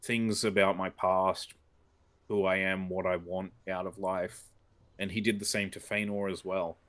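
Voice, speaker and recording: A man's voice: low-pitched, level tone, measured pace, a bit bright. A man playing an earnest, polite adventurer in a tabletop game, talking hesitantly with many ums and uhs. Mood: uneasy. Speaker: player. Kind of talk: in-character tabletop role-play.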